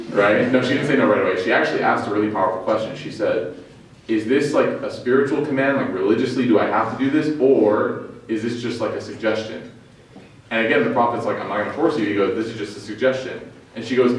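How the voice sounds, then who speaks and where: A man's voice: medium pitch, lively intonation, fast talker, slight background noise. Man teaching in a very echoey room. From Chicago, United States. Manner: retells dialogue in quotes, joking with the audience. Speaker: Islamic studies teacher. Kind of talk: casual storytelling talk to students. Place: lecture room with a student audience. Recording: very echoey room, mic at a distance.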